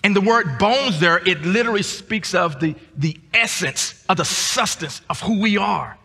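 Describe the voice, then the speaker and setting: High-voiced man preaching in a reverberant church. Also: lively intonation, moderate pace, vocal fry, husky. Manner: climbs to high emphatic shouts, repeats words. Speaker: guest preacher. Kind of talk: sermon. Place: church sanctuary.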